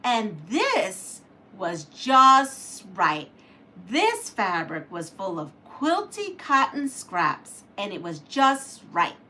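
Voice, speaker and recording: A quilting channel host livestreams herself reading a homemade story and chatting with viewers, animated and laughing at her own slips. Her voice is medium-pitched and extremely slow.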